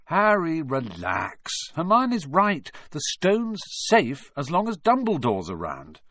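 A lazy schoolboy wizard talks in a relaxed, reassuring way, as a man reading a storybook puts him on. His voice rises and falls freely. The sound is dry and close. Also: fairly high pitch, takes it slowly, dry recording, pitched above the performer's own voice, heavily acted. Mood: laid-back.

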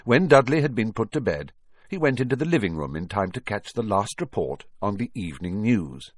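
A man narrates a storybook with a low, husky voice that rises and falls in a lively way. He shifts his voice to follow the story, recorded close and dry. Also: fairly quick, no echo. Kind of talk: storybook reading.

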